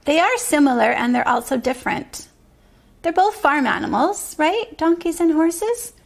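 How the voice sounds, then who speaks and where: A woman's voice: high voice, animated, moderate pace, vocal fry. A woman teaching preschoolers, singing simple farm songs, imitating animal sounds and patiently encouraging the children. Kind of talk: sing-along lesson for preschoolers.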